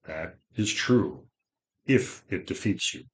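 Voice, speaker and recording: A man reading an audiobook voices an old male mage with a gentle, solemn manner, giving slow and measured counsel. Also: deep voice, animated. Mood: grave.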